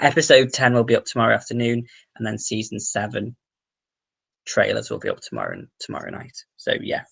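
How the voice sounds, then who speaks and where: A man's voice: fairly low pitch, expressive, moderate pace, vocal fry, long pauses, fairly bright tone. A man from the Wirral with a Merseyside accent, hosting a casual livestream Q&A, reading out viewer comments and answering them, swearing now and then. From the Wirral, England. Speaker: livestream host.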